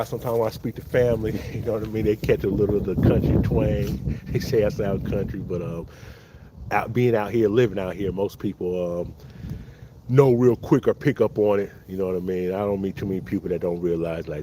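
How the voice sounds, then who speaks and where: A low-voiced Californian man, a dog breeder, hosts a brisk, casual livestream outdoors in the cold beside big dogs, using a phone set up on the spot that picks up lots of noise. Laid-back, he keeps calling viewers y'all and thanking people in the chat.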